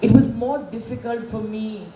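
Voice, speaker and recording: A woman's voice: fairly high pitch, steady tone, moderate pace, mellow, a little hiss or hum. Woman in her forties, candid and emotional public speech, heard from a distance in a roomy hall. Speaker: speaker at a public event. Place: event hall with a stage. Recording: echoey hall, voice from far off.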